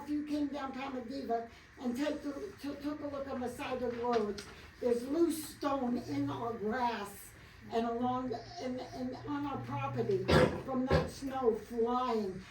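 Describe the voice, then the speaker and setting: A woman's voice: sits high, measured pace, a little mellow. A woman resident telling a rambling, blunt complaint at a township meeting, exasperated and talking freely. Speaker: resident speaking at public comment. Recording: echoey meeting room, distant mic, faint noise.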